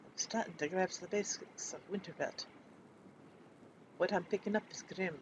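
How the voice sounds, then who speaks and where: A man's voice: sits high, normal speed, a little hiss or hum, natural voice, poor audio. A man putting on a grim Scottish furbolg. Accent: put-on Scottish. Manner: reading quest text aloud.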